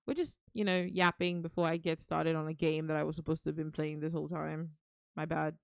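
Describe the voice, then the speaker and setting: Lower-voiced chatty woman streamer. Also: level tone, fast talker, creaky, no echo, studio quality. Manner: chatty, affectionate, calls viewers darling. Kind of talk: casual live-stream chat.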